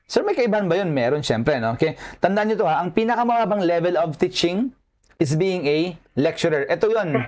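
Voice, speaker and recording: He has a high, animated voice that moves quickly yet stays a little mellow. A nursing professor with a Filipino accent, he lectures online in a joking, talkative way and repeatedly checks on his students.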